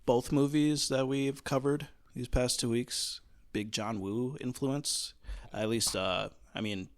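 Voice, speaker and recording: A man co-hosting a podcast, talking about films in a relaxed, conversational way. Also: medium pitch, slow, dry recording. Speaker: podcast co-host. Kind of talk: casual film discussion.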